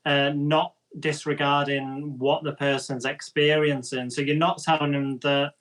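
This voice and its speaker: A man hosting a casual wellness podcast who reads out listener questions. His voice sits a little high for a man. He speaks in a measured way with the odd hesitation. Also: flat delivery, fairly bright tone, distant mic, rough recording. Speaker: podcast host reading questions. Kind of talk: casual chat.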